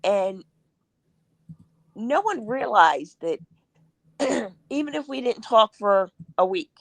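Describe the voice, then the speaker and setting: A woman's voice: a little high, takes it slowly, no echo. A woman guest in a casual interview, telling anecdotes and acting out what people said. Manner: animated anecdotes with acted-out quotes.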